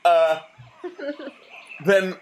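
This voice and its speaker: A man's voice: high voice, little pitch movement, extremely slow, slight background noise. A man running a tabletop game as dungeon master, narrating with dry jokes.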